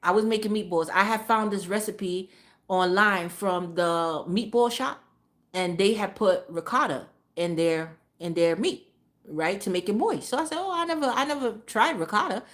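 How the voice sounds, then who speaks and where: Woman streamer, casual ranting storytime, salty and emphatic, mid-pitched voice. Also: expressive, normal speed. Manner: profane, emphatic, repeats phrases for emphasis. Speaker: live streamer.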